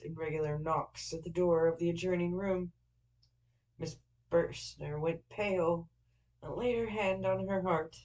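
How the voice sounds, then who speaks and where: A woman narrating a classic novel in a steady, even storytelling manner. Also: lowish voice, rough recording. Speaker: audiobook narrator.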